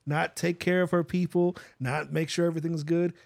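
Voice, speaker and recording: A man co-hosting a podcast in casual chat, telling stories in a relaxed way and acting out what others said. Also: fairly high pitch, moderate pace, creaky. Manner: relaxed storytelling, acts out other people's lines. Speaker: podcast co-host.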